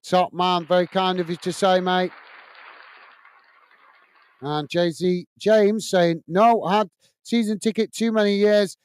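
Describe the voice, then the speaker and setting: A man in his forties, a football channel host from England, chatting through viewer comments on a live watch-along and grumbling at laggy software. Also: high-pitched, steady tone, slow, long pauses, clear, resonant tone.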